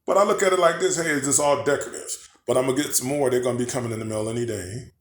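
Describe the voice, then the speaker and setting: A man's voice: medium pitch, very fast. A man, rambling in a casual show-and-tell vlog and asking viewers to picture things. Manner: chatty, rambling, asks viewers to imagine. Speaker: vlogger. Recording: echoey room, faint background noise.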